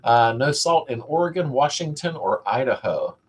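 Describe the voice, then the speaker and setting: Man, middle-aged, husky voice, rambling live chat host. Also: mid-range voice, animated, moderate pace. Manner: rambling, reads chat comments aloud and greets viewers by name. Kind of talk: casual live chat with viewers.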